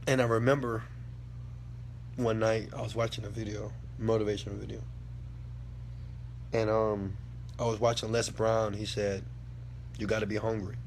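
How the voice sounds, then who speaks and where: A man with a gravelly edge to his voice delivers an impassioned motivational talk, hammering each point with repetition and the odd swear word. He drops low, then swells loud for emphasis. A faint hum sits under the recording. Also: little pitch movement, moderate pace, long pauses. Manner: preachy, repeats lines for emphasis, swears, swings from quiet to loud. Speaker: motivational speaker answering a question.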